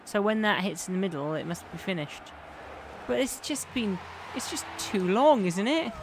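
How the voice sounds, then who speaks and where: A man hosting a gaming channel, giving excitable let's-play commentary and yelling at the game. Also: high-pitched, normal speed, background noise.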